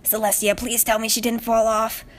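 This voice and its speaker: A woman voicing an adult female pegasus pony in a storybook reading, brisk, kindly and bemused as she thinks aloud. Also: fairly high pitch, flat delivery, close to an everyday voice. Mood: gentle.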